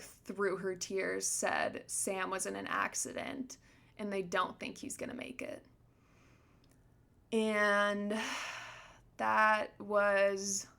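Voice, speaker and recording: A woman's voice: mid-range voice, vocal fry, sharp tone. A young woman hosting a podcast, sharing a painful personal story in an earnest, reflective way, with many "like" fillers. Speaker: podcast host.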